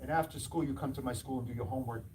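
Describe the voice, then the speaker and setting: A martial arts school owner speaks to a live audience, spinning animated anecdotes and playing every part in the dialogue himself. His voice sits at a medium pitch. The mic picks him up from some distance, with plain room noise underneath. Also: rapid-fire. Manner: animated anecdotes, acting out quoted dialogue with laughs. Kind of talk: storytelling talk to an audience.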